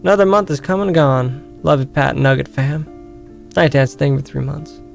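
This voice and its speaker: Male streamer, slightly high voice; reads game narration and chats with viewers over faint music. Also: fairly even intonation, normal speed, vocal fry. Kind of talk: game playthrough, reading story aloud and chatting.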